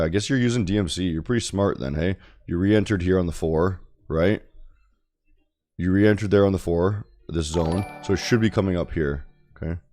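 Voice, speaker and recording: Low guy talking casually while he trades, keeps saying okay and right, swears a bit. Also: darkish tone. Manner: loose and chatty, checks in with "okay?" and "right?"; swears casually, restarts and repeats. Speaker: day-trading livestreamer. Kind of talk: casual live-stream commentary.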